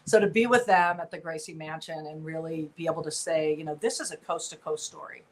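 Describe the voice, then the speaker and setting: A woman's voice: low voice, brisk, poor audio. A middle-aged woman from Southern California, a nonprofit founder talking earnestly and with animation as a guest in an interview. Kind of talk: interview conversation.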